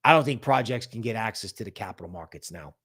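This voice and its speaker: Quick and slightly rough, a lowish-voiced man hosts a crypto livestream in an animated, casual way. He sarcastically imitates other people's worries in quoted voices.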